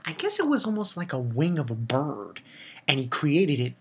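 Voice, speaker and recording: A man giving a casual spoken review of a comic chapter, retelling it excitedly with swearing and lots of fillers. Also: on the high side, moderate pace, slight background noise. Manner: excitable, loose and profane, with many fillers. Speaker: manga reviewer.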